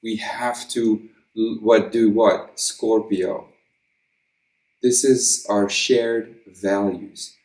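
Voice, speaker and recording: A man's voice: fairly low pitch, fairly even intonation, drawn-out words, a little mellow. A man giving a casual astrology forecast, rambling loosely and swearing freely. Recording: echoey room, mic at a distance.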